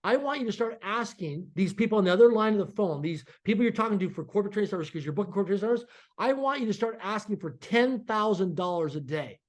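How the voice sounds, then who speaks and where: A middle-aged man talks quickly and with energy, the way a podcast guest tells his story. He slips into the voices of the people in his story and acts out their lines. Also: high voice. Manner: animated, acts out dialogue in quotes.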